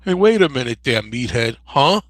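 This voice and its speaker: A man doing a quick impression of a blustering, gruff middle-aged sitcom dad with a loud, scolding drawl. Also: medium pitch, big pitch swings, no echo.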